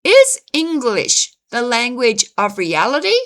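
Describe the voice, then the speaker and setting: A woman narrates her own reflective commentary, pausing often between phrases. Her voice sits a little high and sounds bright and clear. She takes her time, speaking at a very unhurried pace. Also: huge pitch swings. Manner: measured, deliberate delivery with frequent pauses. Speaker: channel host reading her own essay.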